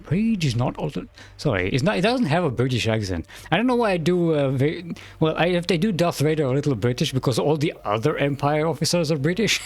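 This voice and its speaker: A man's voice: a little high, expressive, brisk, dry recording. A man streaming a video game, thinking aloud in a hesitant, rambling way. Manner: rambling, hesitant, self-correcting. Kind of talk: thinking aloud while playing.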